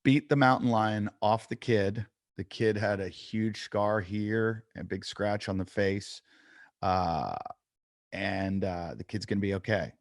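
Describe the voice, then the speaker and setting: Lively low-voiced man telling stories. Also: slow, dry recording, clean studio sound. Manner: animated storyteller, acts out quotes. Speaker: podcast co-host. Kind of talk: casual chat.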